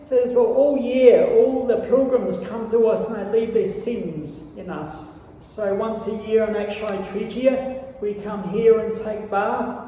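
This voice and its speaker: A man's voice: unhurried, warm tone, slight background noise. An older man giving a scripture class, telling a story and lifting his voice to act out a pleading child. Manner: acts out child's pleading in a higher voice. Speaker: temple class speaker. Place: temple hall. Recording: echoey hall from far off.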